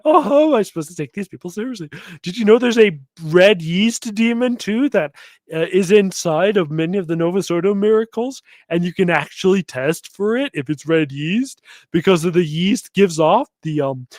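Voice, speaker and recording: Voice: mid-range voice, animated, moderate pace, darkish tone, no echo, studio quality. A commentary host reacting to a clip with mocking, laughing sarcasm.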